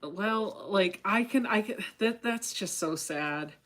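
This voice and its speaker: A woman's voice: medium pitch, slow, fairly bright tone. A woman chatting casually on a sewing livestream, reading viewer comments aloud and laughing often. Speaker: sewing vlogger reading live chat.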